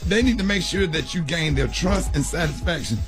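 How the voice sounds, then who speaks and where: A man's voice: on the high side, lively intonation, fairly quick, faint music behind. A man hosting morning radio, reading an ad in a joking, mock-emotional way. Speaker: radio host. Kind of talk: comic ad read on morning radio.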